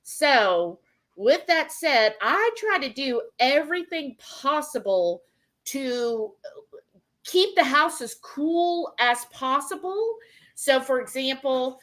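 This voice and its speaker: Lively, bright-voiced woman chatting on a livestream. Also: high-pitched. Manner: chatty, reads out and answers chat messages. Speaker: co-host of a live cooking stream. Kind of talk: casual livestream chat, reading viewer comments aloud.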